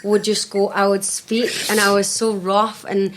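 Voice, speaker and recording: A woman's voice: medium pitch, little pitch movement, unhurried, a little hiss or hum. A Glaswegian woman, a life and business coach, chatting animatedly on a podcast and laughing often as she tells stories. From Scotland. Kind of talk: casual podcast chat.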